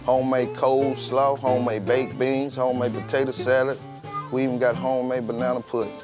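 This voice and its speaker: A man's voice: medium pitch, flat delivery, a little fast. Folksy man, music behind. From Alabama. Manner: plainspoken, folksy, lots of "you know". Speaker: barbecue cook. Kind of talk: documentary interview.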